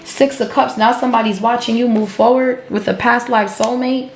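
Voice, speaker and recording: A woman's voice: a little high, fairly even intonation, moderate pace, slight background noise. A woman giving a collective tarot reading, blunt and profane, laughing often as she calls out the cards. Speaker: tarot reader. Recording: roomy echo with faint music.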